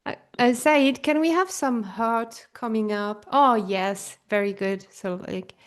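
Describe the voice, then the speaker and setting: A woman's voice: on the high side, slow pace. A woman co-hosting a live online talk, bubbly and playful, with lots of fillers. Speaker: co-host and speaker. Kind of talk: casual live-stream chat. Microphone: video call.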